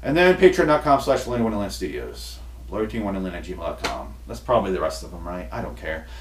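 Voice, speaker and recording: Ranty sweary guy hosting a comedy podcast, voice going hoarse, sounds kinda far off in an echoey room. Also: sits low, big pitch swings, fast, background noise. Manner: exasperated, profane, building to shouty outbursts. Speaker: podcast host. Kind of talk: comedic rant. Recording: roomy echo, distant mic.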